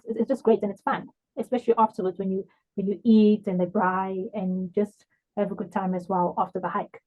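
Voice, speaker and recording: A woman's voice: medium pitch, dark tone. A woman co-hosting a podcast, chatting casually and giving reflective advice. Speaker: podcast co-host. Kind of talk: casual recap chat. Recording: phone-like narrow sound.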